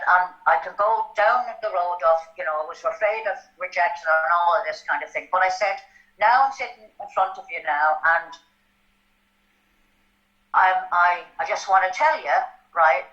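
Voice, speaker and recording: An older Irish woman telling a personal story in an interview, animated and often checking in with "right?". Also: lowish voice, moderate pace. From Ireland. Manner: animated, tag questions like "right?". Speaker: guest. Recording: dull lo-fi sound.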